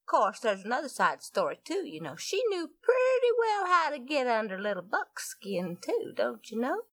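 A woman's voice: on the high side, wildly swooping pitch, moderate pace. A woman telling a folksy story in a chatty way, with many asides to her listeners.

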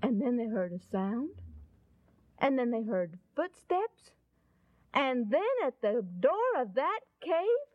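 A woman telling a Bible story in a folksy, animated, dramatic way and closing with a gospel appeal, on a dull lo-fi recording. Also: a little high, takes it slowly, dry recording.

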